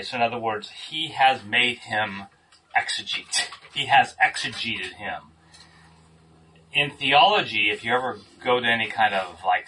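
A man's voice: on the low side, pushed and bright. A man leading a casual group Bible study, thinking aloud and stressing key words. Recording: distant mic with faint room noise.

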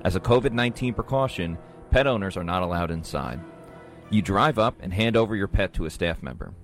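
A man reading a news story in a measured, even way. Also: deep voice, soft background music. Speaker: news reader.

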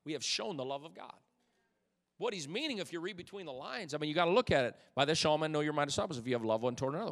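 A man with a slightly high voice preaches to his congregation, rising to loud, fervent peaks and slipping in humorous asides. His words ring through a church sanctuary with a long, hanging reverb. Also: lively intonation, fast. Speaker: pastor. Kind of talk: sermon.

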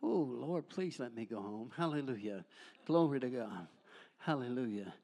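An older man preaching with fervor, peppering every line with hallelujahs and amens. His delivery is folksy and humorous, swinging between loud praise and quieter ministering in an ordinary, middle-pitched voice. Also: animated, normal speed, vocal fry. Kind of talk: charismatic sermon.

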